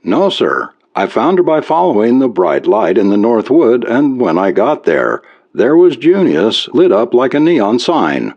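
A man's voice: medium pitch, very animated, measured pace, few pauses, voice pushed up. A man voicing a weary, sarcastic farmer in a read-aloud story, in a dry, plainspoken way. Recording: dull lo-fi recording.

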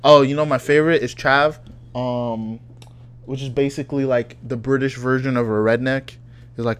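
A man's voice: mid-range voice, fairly even intonation, moderate pace, clean tone. Profane, joking man in casual chat. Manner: loose, profane and joking, reads quotes aloud with disbelief. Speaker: podcast co-host.

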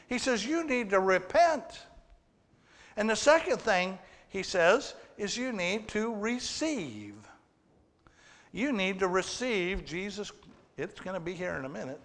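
A man's voice: sits high, sing-song, unhurried, a bit bright. A man preaching a sermon to a congregation, teaching plainly, asking the crowd questions and joking with them. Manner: teaching with humor and audience questions. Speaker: pastor. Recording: long hall reverb.

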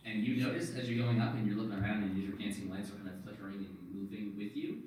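A man's voice: on the low side, steady tone, fast talker, a little mellow. A man narrating as game master, describing scenes in a rambling, playful way with many fillers. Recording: very echoey room, far from mic.

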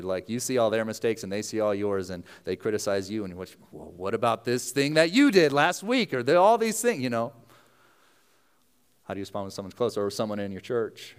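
A male pastor preaches in a relaxed, conversational manner, dropping into quick acted voices for the people he talks about. His voice is smooth and resonant, and it rings out with the long reverb of a large hall. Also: fairly low pitch. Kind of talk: sermon.

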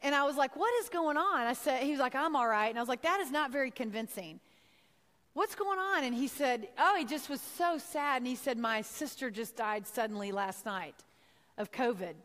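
High-voiced woman telling an earnest sermon story. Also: animated, moderate pace, a bit bright, in a large hall. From Texas. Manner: earnest, heartfelt, acts out her own thoughts in quotes. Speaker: speaker giving a devotional talk.

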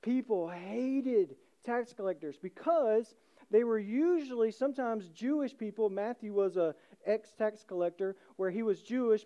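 Mellow-voiced pastor preaching conversationally. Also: medium pitch, lo-fi sound. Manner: conversational, asks rhetorical questions, adds "right?". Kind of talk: sermon.

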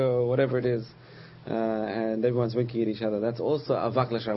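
A man teaching a religious lesson, patiently explaining terms, repeating key words and pausing with frequent uh's. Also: on the low side, steady tone, husky, dull audio. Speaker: Torah teacher.

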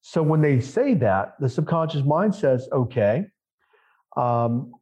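A podcast guest who works as a mindset coach speaks a little slowly in a mid-range voice with lively intonation. His conversational interview is emphatic and repetitive, full of rhetorical questions, and the recording is dull and lo-fi.

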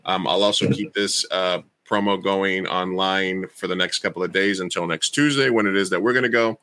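A man's voice: low voice, steady tone, a little fast, sharp tone, dry recording. A man hosting a podcast in casual chat, rambling and often restarting his sentences. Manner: rambling, self-correcting. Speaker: podcast host.

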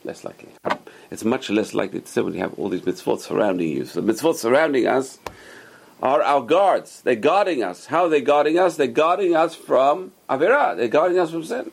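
A man giving a religious Torah class, emphatic and repetitive, rising sharply on stressed words and dropping low on asides. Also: animated, fairly quick, vocal fry. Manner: emphatic, repeats key phrases. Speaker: religious teacher.

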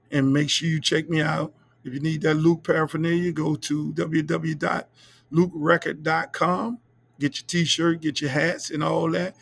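Gravelly, profane storytelling man. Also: a little high. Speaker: podcast host. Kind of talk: casual storytelling monologue.

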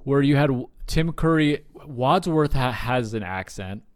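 Halting man mid film chat. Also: medium pitch, animated, no echo, studio quality. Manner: halting, many restarts and fillers. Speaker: podcast co-host. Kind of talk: casual film discussion.

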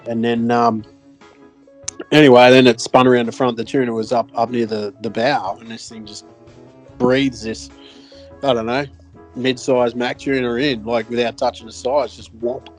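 Man, Australian accent, podcast co-host, casual storytelling, rambling with fillers, swears freely, mid-pitched voice, faint background music. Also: moderate pace. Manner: rambling and animated, with many fillers, restarts and swearing. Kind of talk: casual chat, telling a fishing story.

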